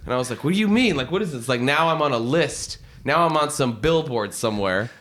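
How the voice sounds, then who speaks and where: A man on a podcast, telling anecdotes in animated, profane style and acting out the people in them. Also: medium pitch, brisk. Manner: animated, profane, does voices when telling stories. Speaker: podcast guest. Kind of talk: casual storytelling.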